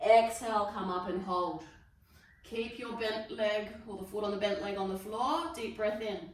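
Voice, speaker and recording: A woman with an Australian accent leading a yoga class, giving calm step-by-step breathing cues while she demonstrates the moves. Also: medium pitch, moderate pace, slight background noise. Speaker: yoga instructor. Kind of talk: guided exercise class. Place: fitness studio. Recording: very echoey room, mic far off.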